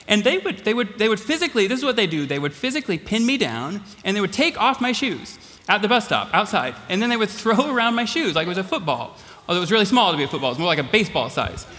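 A man's voice: sits high, sing-song, quick pace, sharp tone. A man giving a storytelling sermon to a large audience, self-deprecating and laughing often as he talks. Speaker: college president giving a talk. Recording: long hall reverb.

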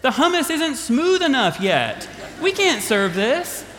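Guy doing a high fussy stressed-out hostess, stubborn, big echoey hall. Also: big pitch swings, takes it slowly, a bit bright, full character voice. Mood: insistent. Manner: high-pitched, insistent, exasperated. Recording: long hall reverb.

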